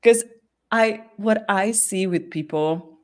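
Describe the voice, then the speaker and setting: A woman's voice: mid-range voice, slow. A woman hosting a casual live chat, talking candidly with frequent laughs and restarts. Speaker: host.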